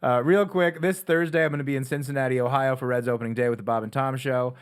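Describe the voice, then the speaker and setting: Fast-talking man, podcast co-host. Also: medium pitch, clear, resonant tone. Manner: fast, excitable, laughs often. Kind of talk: casual comedy podcast banter.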